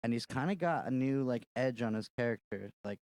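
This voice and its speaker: A man co-hosting a podcast, chatting casually and retelling scenes with quick voices of other people. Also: medium pitch, no room sound. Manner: animated storytelling, doing quick voices of others. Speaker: podcast co-host. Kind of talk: casual chat. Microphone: podcast mic.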